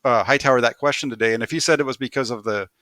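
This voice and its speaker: A man's voice: mid-range voice, racing, bright, forceful tone, no room sound, clean studio sound. A man who co-hosts a football film review, walking through plays in detail and laughing often. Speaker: football analyst.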